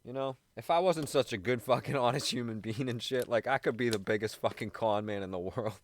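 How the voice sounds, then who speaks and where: A man rambling casually on a live radio show, swearing constantly, laughing often and sounding high. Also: a little fast, slight background noise.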